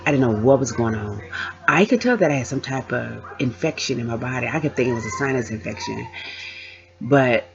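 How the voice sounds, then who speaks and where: A woman's voice: extremely low pitch, brisk, vocal fry, faint music behind. Woman animatedly retelling a scare. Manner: animated, acts out the voices in her story. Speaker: vlogger. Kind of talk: casual storytelling to camera. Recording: dull lo-fi sound.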